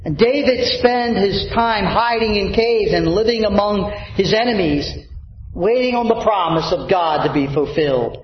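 A man's voice: high voice, moderate pace, echoey room, dull audio, slight background noise. A man preaching a sermon as a pastor, stretching out key words and calling for amens. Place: church sanctuary.

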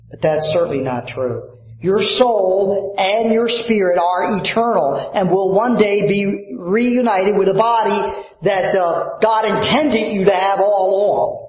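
A male pastor preaching a sermon with impassioned delivery, rising suddenly to loud emphatic peaks and dropping low for quiet points. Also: a little slow, few pauses, echoey room, highs cut off.

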